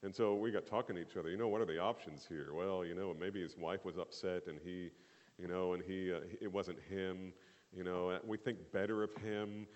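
A man's voice: deep voice, fairly even intonation, brisk, darkish tone, big-room sound, lo-fi sound. A middle-aged male pastor preaching a sermon in a conversational way, with fillers and repeated phrases.

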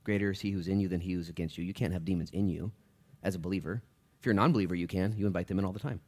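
A male pastor delivering a sermon in a church with a fairly low voice. He speaks to his congregation like friends, sinking into quiet, low asides and then climbing to loud, pointed emphasis. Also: fairly even intonation, racing.

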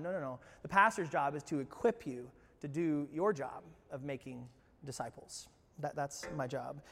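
A man pastor giving a conversational sermon, often asking his congregation questions. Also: sits high. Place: church sanctuary. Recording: reverberant church hall.

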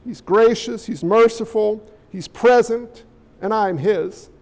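A male pastor preaching an animated sermon, throwing rhetorical questions at the congregation and slipping in joking asides. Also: sits high, slow pace, muffled recording.

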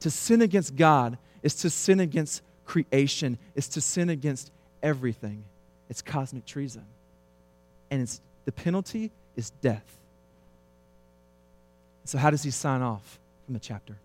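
A man in his thirties preaching a sermon, swinging between quiet, low stretches and loud, emphatic passages. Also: a little slow, long pauses. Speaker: pastor.

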